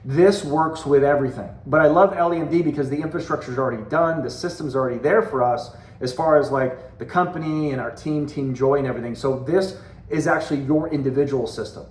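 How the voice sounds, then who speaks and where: A man in his forties delivers a motivational talk to his sales team, earnest and conversational, driving points home by repeating them. His voice sits a little on the high side. The sound carries a noticeable roomy echo. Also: fairly quick. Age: 40s. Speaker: direct sales team leader and coach.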